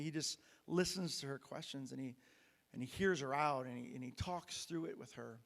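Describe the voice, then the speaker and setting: A man's voice: mid-range voice, normal speed, creaky, a bit bright, in a large hall. A man preaching a sermon as pastor, retelling a Bible story in a conversational way with frequent restarts and fillers. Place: church sanctuary.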